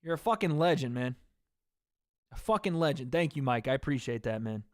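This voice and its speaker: A male livestream host with a hoarse, worn-out voice, rambling casually to his chat and swearing freely. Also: mid-range voice, expressive, fairly quick, a little mellow, dry recording, studio quality.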